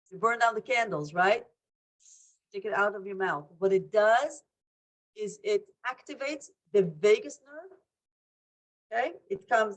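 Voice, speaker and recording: A woman teaches over a video call from home, leaning hard on her points and repeating them. Her voice sits fairly high, and she slips into the voices of the people she quotes. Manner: warm, emphatic, acts out quotes, repeats for emphasis. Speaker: presenter and trainer. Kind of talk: Q&A training talk.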